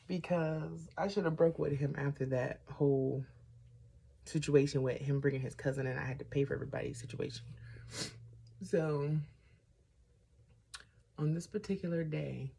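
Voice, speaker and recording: Low, gravelly woman telling a storytime. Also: normal speed, long pauses. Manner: chatty, sidetracked, animated retelling with asides. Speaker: vlogger. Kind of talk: casual storytime while doing makeup.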